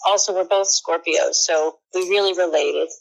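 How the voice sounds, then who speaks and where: A woman in her sixties, an actress talking as a podcast guest, telling lively stories and acting out the lines of the people she quotes. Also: on the low side, moderate pace, gravelly, muffled recording. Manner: lively storyteller who acts out quoted lines.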